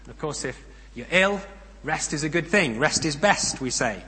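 A man preaching a sermon. He speaks in a measured, emphatic way, with pauses and rhetorical questions. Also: fairly high pitch, lively intonation, bright, forceful tone. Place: church. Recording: long reverb of a church hall.

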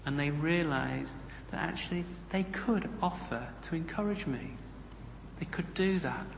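A man's voice: a little high, measured pace, creaky, slight background noise. A man preaching a sermon in a conversational way, with humorous asides. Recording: echoey hall, roomy reverb.

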